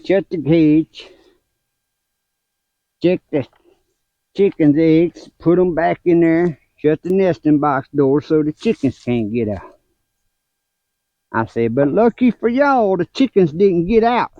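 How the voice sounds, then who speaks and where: Slow-talking older grandpa. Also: male voice, expressive, no room sound, lo-fi sound. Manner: folksy, laughs between stories, raises pitch when telling the story. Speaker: gardening vlogger and grandfather. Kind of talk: casual storytelling vlog. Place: outdoors in a garden.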